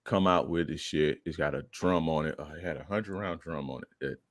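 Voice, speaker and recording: Deep-voiced man telling a wild story. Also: brisk, dry recording, clean studio sound. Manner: profane, animated, acts out quotes in a raised voice. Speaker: podcast guest. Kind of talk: casual storytelling.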